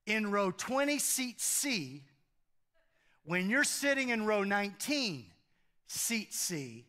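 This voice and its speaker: A man's voice: high voice, fairly bright tone. A middle-aged man preaching a sermon in a church, conversational and humorous, often repeating phrases for emphasis. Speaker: pastor. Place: church auditorium.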